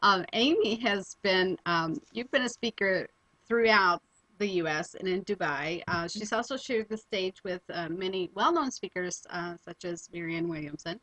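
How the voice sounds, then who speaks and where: A woman hosting an interview show, asking questions in a friendly, halting way. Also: fairly low pitch, bright, forceful tone, no echo, poor audio. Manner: friendly, hesitant, many ums and uhs. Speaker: radio show host. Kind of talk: interview conversation.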